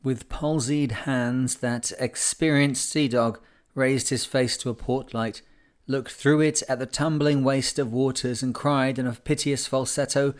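A man reading a classic sailing memoir aloud as an audiobook, in a measured, unhurried manner. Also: mid-range voice, fairly even intonation. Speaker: audiobook narrator.

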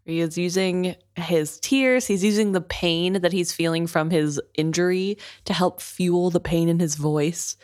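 Woman, lowish voice, casual book chat, analytical. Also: unhurried, hardly any pauses, a little mellow. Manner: analytical commentary on a character. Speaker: podcast co-host.

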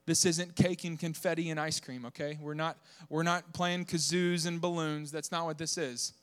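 A young male pastor from the southern United States delivering a sermon to his congregation. His voice sits high for a man. He preaches with animated energy, cracking jokes and pushing his voice up into shouts to drive a point home. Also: moderate pace, clear, resonant tone. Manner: animated, joking, voice rises to shouts for emphasis.

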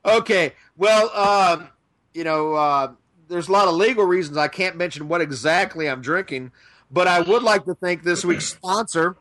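A tipsy man co-hosting a podcast, cracking deadpan jokes and stammering over words. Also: high-pitched, normal speed. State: tipsy from drinking. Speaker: podcast co-host. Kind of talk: casual podcast banter.

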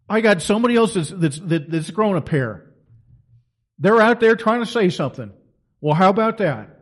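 A man's voice: high voice, expressive, a little fast. A middle-aged man delivering an impassioned, preaching monologue as a Christian commentator, emphatic and full of rhetorical questions.

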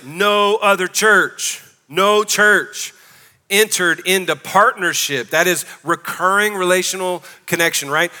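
In a church sanctuary with the long reverb of a church hall, a pastor preaches a sermon, calling out emphatically to his congregation. His voice is high-pitched and sharp.

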